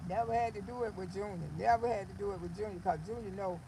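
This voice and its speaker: An older woman hosting a livestream, talking casually in a blunt, animated storytelling way. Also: medium pitch, fast, vocal fry, hardly any pauses, noisy background. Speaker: livestream host.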